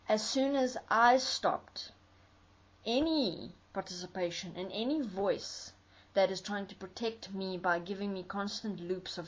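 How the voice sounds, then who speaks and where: A woman speaks in an earnest, explanatory tone, stacking her points into rhythmic lists. Her voice sits at a middle pitch for a woman. The recording sounds dull and lo-fi. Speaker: commentator. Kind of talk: spoken commentary.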